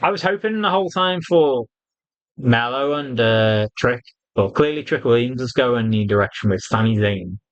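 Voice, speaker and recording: Male reviewer, mid-pitched, blunt and profane, animated retelling. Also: moderate pace, highs cut off. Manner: blunt, sweary, animated retelling with quoted voices. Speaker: wrestling reviewer. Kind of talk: casual opinionated review.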